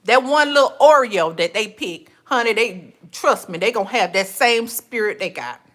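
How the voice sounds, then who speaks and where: A woman hosting a podcast, speaking in a casual faith-based monologue, animated and quick to laugh, calling listeners honey and child. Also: on the high side. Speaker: podcast host.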